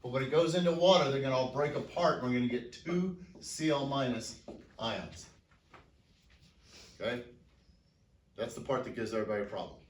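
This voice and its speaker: A high school chemistry teacher, a man with a mid-range voice, lectures in an animated, brisk way, leaving long pauses as he poses questions to his students and answers them himself. The recording picks him up from a distance in an echoey classroom with slight background noise.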